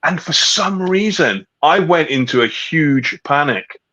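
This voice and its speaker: A middle-aged Scottish man swapping stories on a podcast, sweary and animated in his telling. His voice comes through slightly dull and lo-fi, as if the recording lost its top end. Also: a little high, a little slow. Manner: swears freely, animated storyteller. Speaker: guest. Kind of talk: casual chat.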